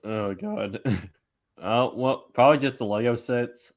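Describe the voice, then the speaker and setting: A man joining a casual chat as a guest, laid-back and unhurried as he recalls things. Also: medium pitch. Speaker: podcast guest.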